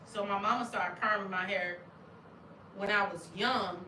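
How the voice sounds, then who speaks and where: A middle-aged woman from Arkansas, hosting a casual chat, animated and laughing often with loud exclamations. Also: medium pitch, unhurried, a little hiss or hum. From Arkansas, USA. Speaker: channel host. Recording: roomy sound, distant from mic.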